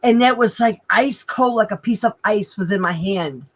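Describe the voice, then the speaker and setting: A woman in a casual podcast chat, excitedly telling a personal story with lots of exclamations. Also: medium pitch, normal speed, breathy edge, poor audio. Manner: excitable, animated, lots of "oh my God" and "like".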